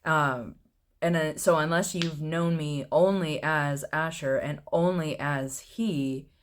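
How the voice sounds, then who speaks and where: A man in his thirties, chatting casually to camera in a personal vlog, with a low, mellow voice, laughing often at himself. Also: steady tone, takes it slowly, slight background noise. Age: 30s. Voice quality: low, mellow voice with little fluctuation. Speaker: vlogger.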